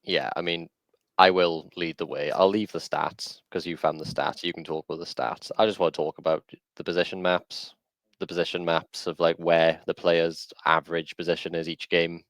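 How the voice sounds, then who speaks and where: Deep, flat-voiced man giving football opinions. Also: normal speed, no room sound. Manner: rambling and opinionated, with repeated restarts. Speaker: podcast co-host. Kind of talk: casual podcast chat. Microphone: video call.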